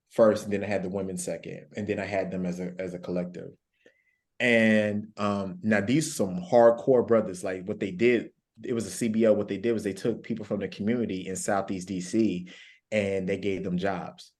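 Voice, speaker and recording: As a guest life coach on a panel, a man with a fairly low, somewhat mellow voice tells stories earnestly. He repeats key phrases to drive his points home.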